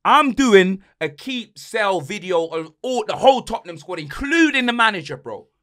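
A young man rants furiously about his football team, piling on slang. His voice sits high and swings wildly up and down, with a bright, sharp edge. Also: animated, normal speed. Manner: angry, ranting, heavy slang. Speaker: podcast host and football fan. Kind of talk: heated fan rant.

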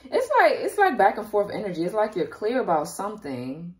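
A woman's voice: mid-range voice, huge pitch swings, a little fast. A woman giving a casual tarot reading straight to her viewers, chatty and openly emotional. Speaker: tarot reader.

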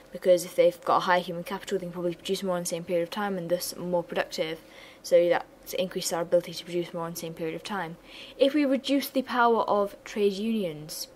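Young woman, revision tutor, chatty asides, mid-pitched voice, faint hiss behind. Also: low-quality recording. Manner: chatty, self-deprecating asides. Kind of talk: economics revision lesson.

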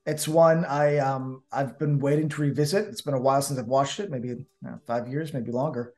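A man with a New Jersey accent, co-hosting a casual podcast chat in an animated, chatty way with frequent restarts. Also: medium pitch, moderate pace, faint music behind. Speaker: co-host.

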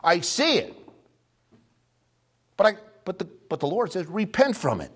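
A man delivering a sermon from the pulpit, his pitch rising and falling in lively sweeps. He reads scripture out with loud emphasis, then drops to hushed, near-whispered asides for his listeners. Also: a little slow, slightly rough. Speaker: preacher.

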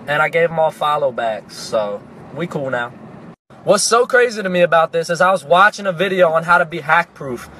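A young man casually telling a comic story, animated and profane, breaking into sudden shouts. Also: high-pitched, a little hiss or hum. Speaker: comedic storyteller.

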